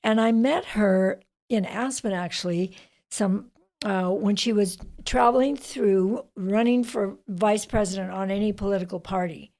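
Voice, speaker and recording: A woman's voice: medium pitch, unhurried, darkish tone. A woman as a guest on a casual podcast, talking in an emphatic way with a spiritual bent and firmly punctuating her points. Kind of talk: casual interview chat.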